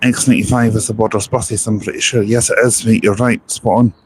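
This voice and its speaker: The same sore-throated man rambles on his phone stream beside a bus station, reading out comments from viewers. His voice is lowish and a little mellow, fairly quick with fairly even intonation, and there's a slight hiss or hum.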